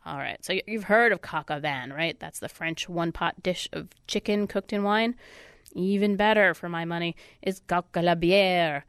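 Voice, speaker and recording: A woman hosts a casual food segment in a radio studio, chatty, upbeat and self-deprecating, with a stuffy nose. Her voice is fairly low, moderately paced and a bit bright, clear and resonant. The studio microphone gives studio-quality sound without echo.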